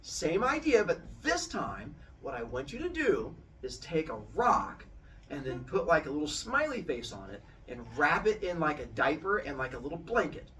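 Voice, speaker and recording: A man's voice: on the high side, big pitch swings, moderate pace, a bit bright. A man voicing a scheming old earth goddess grandmother who speaks in a breezy, matter-of-fact way.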